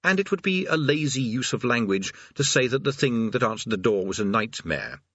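A male narrator tells a comic fantasy tale with dry wit. His husky voice rises and falls in a lively way, heard close and dry on a slightly dull, lo-fi recording. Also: medium pitch, fairly quick, dry recording. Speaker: audiobook narrator.

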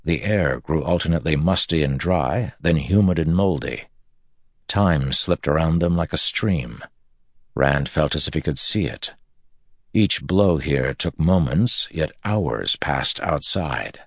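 A man narrating a fantasy novel in a steady, measured audiobook reading. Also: a bass voice, no echo, clean studio sound.

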